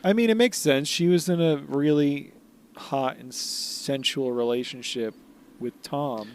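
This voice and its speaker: A man with a voice of middling pitch banters on a podcast. He jokes around playfully and keeps the talk loose and casual. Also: measured pace. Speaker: podcast co-host. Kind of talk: casual chat.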